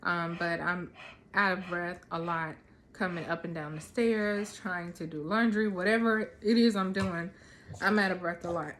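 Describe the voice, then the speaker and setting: A woman's voice: fairly low pitch, moderate pace, slight background noise. Rambling woman in her thirties. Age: 30s. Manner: relaxed, rambling, frequent ums. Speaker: vlogger. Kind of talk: casual chat.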